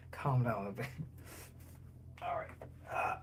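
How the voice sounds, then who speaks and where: A man's voice: medium pitch, slow, whispered. A man talking loosely on a livestream, joking and cursing as he answers chat. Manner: loose and joking, curses a lot, chats with viewers.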